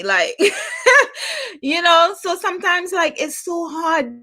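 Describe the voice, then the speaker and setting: In a chatty solo stretch of her podcast, a middle-aged host keeps repeating herself and laughing often. She has a very high, very animated voice, slow and sharp in tone.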